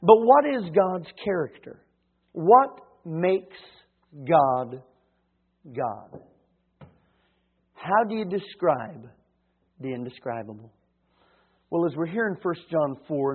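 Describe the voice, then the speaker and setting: A man preaching a sermon in church, swinging between hushed and emphatic delivery with frequent hesitations. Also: medium pitch, slightly rough. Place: church sanctuary. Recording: tinny phone-like sound.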